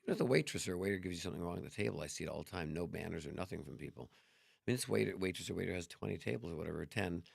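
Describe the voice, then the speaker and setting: Middle-aged male guest, gravelly and raspy, quick animated storyteller, dry close sound. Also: deep voice, no echo. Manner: animated, acts out dialogue, swears freely. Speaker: podcast guest. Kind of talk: casual storytelling chat.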